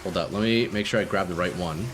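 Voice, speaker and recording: A man's voice: low-pitched, fast, fairly bright tone, a little hiss or hum. A young man streaming a game live, chatting casually with viewers and swearing freely. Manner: laid-back, swears freely, chats with viewers.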